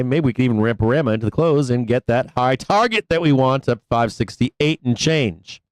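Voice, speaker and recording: A man's voice: mid-range voice, darkish tone, smooth, no echo, poor audio. A man hosting a live stock trading stream, talking brashly with lots of swearing and jokes. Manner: brash and profane, joking. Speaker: live trading show host.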